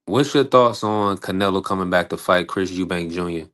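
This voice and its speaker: A man hosting a live boxing talk stream, giving shout-outs to the chat with plenty of uhs. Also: low-pitched, normal speed. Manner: shout-outs to chat, relaxed filler-heavy. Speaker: host.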